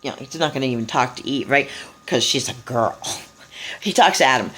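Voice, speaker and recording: A woman's voice: extremely low pitch, normal speed, a bit bright. A woman retelling a story in a casual monologue, blunt, profane and scornful, with loose asides and restarts. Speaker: speaker giving a talk.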